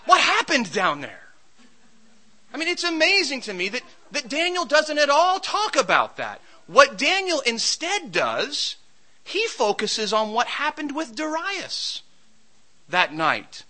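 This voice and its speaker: A man's voice: extremely high pitch, huge pitch swings, a little slow, bright, forceful tone, poor audio. A man preaching a sermon, reading scripture and retelling it expressively, sometimes acting out the figures.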